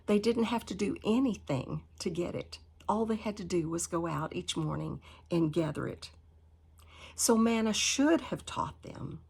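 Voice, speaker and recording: A woman teaching a Bible study lesson, reading scripture aloud and then paraphrasing it with animated emphasis. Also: fairly low pitch, gravelly, breathy edge.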